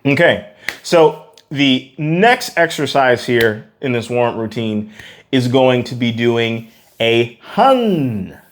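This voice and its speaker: Man coaching a singing warm-up. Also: mid-range voice, slow pace. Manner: energetic, demonstrates vocal sounds between explanations; says "okay?" often and counts in exercises. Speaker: vocal coach.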